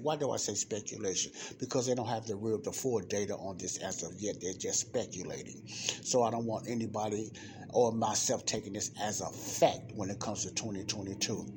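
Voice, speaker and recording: Speaking in a fairly low voice over some background noise, a man hosts a church podcast. He reads a report aloud and talks about it, repeating figures for emphasis and posing rhetorical questions straight to his listeners.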